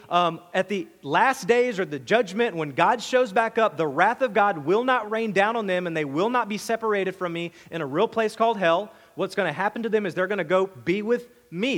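In a fairly bright, high voice, a male pastor preaches in a conversational yet emphatic style, frequently stumbling over repeated words. A long reverb makes him ring out as if in a church sanctuary.

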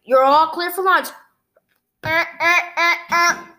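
A woman's voice: very high voice, steady tone, slow pace, sharp tone, a little hiss or hum. A woman reading a graphic novel aloud, saying the sound effects and the dialogue in the same reading voice. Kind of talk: read-aloud storytelling.

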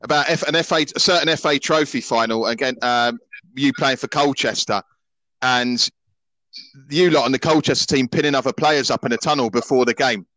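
A man's voice: medium pitch, brisk, no room sound, poor audio. A man hosting a casual chat, asking for stories and agreeing with his guest. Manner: relaxed, prompting questions, agreeing. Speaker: podcast host.

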